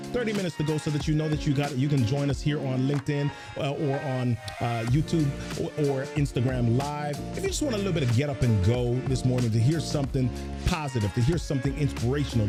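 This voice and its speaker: A man hosting a morning motivational live stream, greeting viewers by name and leading them through repeated affirmations with energy. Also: mid-range voice. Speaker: host of a motivational live show.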